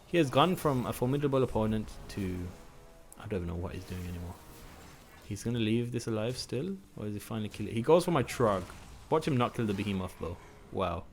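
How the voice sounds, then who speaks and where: Gaming host, a man with a lowish voice, thinks out loud, loose and self-mocking, faint hiss behind. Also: lively intonation, a little fast. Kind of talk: casual gameplay commentary.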